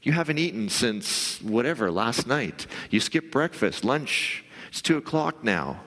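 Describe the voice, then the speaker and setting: A male pastor giving a conversational sermon, now and then acting out the voice in your head in a higher, pushier tone. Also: sing-song, a little slow, a bit bright, in a large hall. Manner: conversational, acts out inner voices in a raised pitch.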